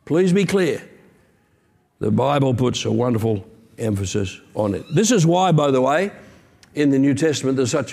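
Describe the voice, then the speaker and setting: A man's voice: medium pitch, a little mellow. A man preaching a sermon as pastor, earnest and emphatic, with conversational asides.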